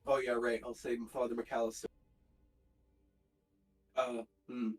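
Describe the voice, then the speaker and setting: A man narrating a tabletop role-playing game as game master, in halting, filler-filled speech. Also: mid-range voice, little pitch movement, soft background music, rough recording.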